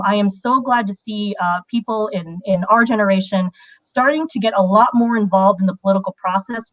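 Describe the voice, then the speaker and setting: A woman speaks earnestly and with emphasis in a casual livestream panel. Her voice sits at an ordinary pitch, and it comes through dry with no room sound and slightly dull, lo-fi audio. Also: no room sound. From United States.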